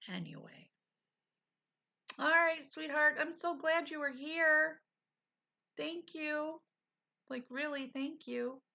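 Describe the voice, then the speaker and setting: A woman's voice: high-pitched, steady tone, slow, creaky, pauses often, bright, forceful tone. A middle-aged woman hosting a casual livestream, chatting candidly with viewers and laughing often while she recovers. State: recovering, low on energy. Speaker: livestream host. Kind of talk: casual live chat with viewers.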